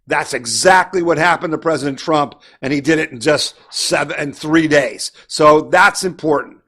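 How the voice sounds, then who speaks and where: A man's voice: a little high, normal speed, bright, forceful tone. A man hosting a political opinion show, speaking in a combative, emphatic way. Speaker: host of a political news show. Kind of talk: opinion commentary.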